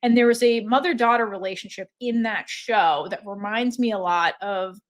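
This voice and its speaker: A woman's voice: medium pitch, moderate pace. A woman co-hosting a podcast in casual chat, retelling scenes with acted-out lines and swearing freely. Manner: animated retelling, swears freely, acts out characters. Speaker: podcast co-host.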